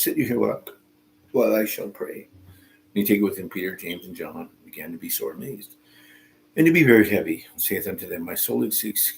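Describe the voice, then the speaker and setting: A man's voice: fairly low pitch, creaky, slight background noise, rough recording. A man reading a Bible passage aloud, stopping often to add informal comments of his own. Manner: reads slowly and pauses to comment, informal asides. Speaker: Bible teacher.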